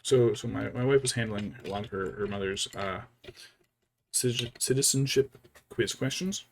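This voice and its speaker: A man's voice: fairly low pitch, normal speed, slight background noise. A man casually thinking aloud as he paints a miniature, rambling and musing to himself. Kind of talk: casual hobby vlog chat.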